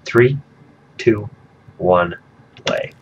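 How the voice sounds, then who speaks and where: A man's voice: low voice, huge pitch swings, extremely slow, gravelly, muffled recording, slight background noise. A man co-hosting a casual gaming podcast, joking and swearing freely, his voice coming through a home mic with a robotic digital distortion. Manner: profane, joking banter. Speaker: podcast co-host. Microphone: home computer microphone.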